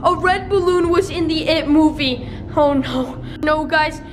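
A woman with a very high, piping voice hosts a staged scary vlog. She talks to her viewers in a breathless, panicky rush and keeps calling out to them, while music plays clearly underneath. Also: unhurried. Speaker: reaction channel host.

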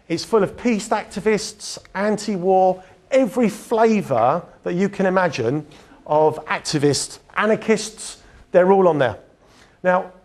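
A man giving a candid public talk with slides. He tells his story with many restarts and filler words and chuckles at himself. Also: a little high. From England.

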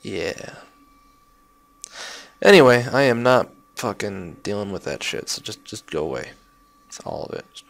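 In this let's play commentary, a young man talks over his own gameplay in a fairly low, expressive voice that is unhurried and creaky, with frequent pauses. He swears at his mistakes, bursts out in frustration, and tosses in sarcastic asides.

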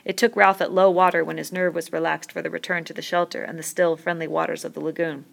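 A woman reading a novel aloud in a steady, measured narration. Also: lowish voice, vocal fry. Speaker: audiobook reader.

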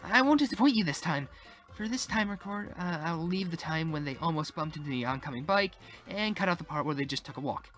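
A man's voice: a little high, lively intonation, fairly quick, fairly bright tone, faint music behind, pitched above the performer's own voice. A man reading the lines of an eager young female trainee, earnest and a bit hesitant. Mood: earnest unsure. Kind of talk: reading game dialogue aloud.

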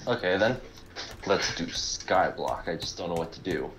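Laid-back young gamer guy, expressive pitch. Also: moderate pace, crowd noise. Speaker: gamer on voice chat. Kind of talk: casual gaming banter.

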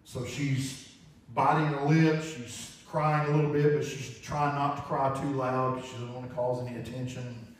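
A man's voice: mid-range voice, fairly even intonation, normal speed. A man preaching a sermon, telling an illustration story in an earnest, vivid way and often repeating phrases. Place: church sanctuary. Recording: very echoey hall, mic far off.

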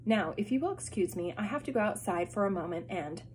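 Woman reading haughty male villain, scheming, defensive, steady mid voice, storybook. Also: mid-range voice, a little fast, slight background noise, lightly acted.

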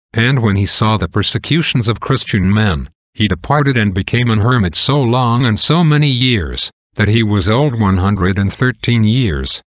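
A man with a fairly low voice reads old saints' legends aloud in slow, measured prose. The sound is close and dry, with no room around it. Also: no room sound. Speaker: reader of saints' lives. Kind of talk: slow reading of an old text.

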